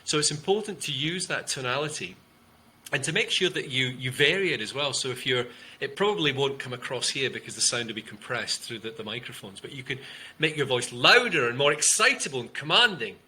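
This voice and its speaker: A man, a communication coach, explaining ideas in an interview and demonstrating tone with loud and soft delivery and long pauses. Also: medium pitch, a little hiss or hum, low-quality recording. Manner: demonstrative, shifts loudness and uses long pauses to show tonality.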